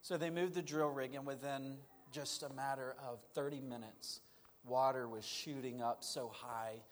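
A man as a guest, telling a personal story in an animated, self-mocking way. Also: mid-range voice, moderate pace, big-room sound, a little hiss or hum. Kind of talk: storytelling in a conversation.

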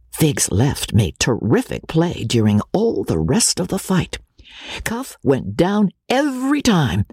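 A woman narrating a classic novel with lively, dramatic storytelling. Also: sits low, slow pace, husky, dry recording, clean studio sound. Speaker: audiobook narrator.

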